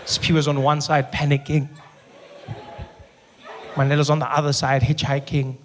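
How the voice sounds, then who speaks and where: A young man doing a stand-up routine, telling animated stories full of voices and asides. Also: a little high, moderate pace, very noisy. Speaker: stand-up comedian.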